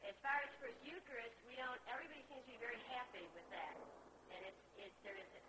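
A woman speaking at a conference on religious education, answering questions in an earnest, measured, lecture-like way. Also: a little high, expressive, background noise. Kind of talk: formal conference talk and answers.

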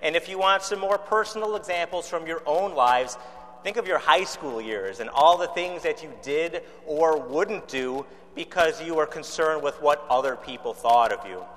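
A pastor from Chicago preaching a sermon in a conversational way, with rhetorical questions and dry humor. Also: male voice, on the high side, normal speed, big-room sound.

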